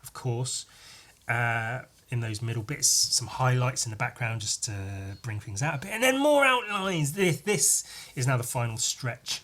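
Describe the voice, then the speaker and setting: A young man talks casually over his painting process, rambling and self-deprecating. He drops into quiet asides and throws in the odd swear word. His voice sits at an ordinary middle pitch. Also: unhurried.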